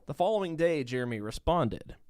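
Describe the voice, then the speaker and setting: Male podcast co-host narrating; relaxed and wry, a touch high-pitched, close dry mic. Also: a little fast, smooth, dry recording. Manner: relaxed, wry, brief backchannel replies. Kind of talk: casual chat and case narration.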